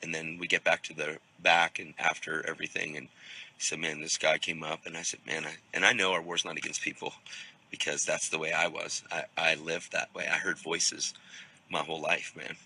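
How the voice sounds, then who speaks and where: A man's voice: a bass voice, flat delivery, brisk, bright, forceful tone, breathy edge, low-quality recording. A man, a preacher, casually telling a rambling story, repeating words and restarting sentences, filmed on a phone. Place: outdoors at a crowded event. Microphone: phone video.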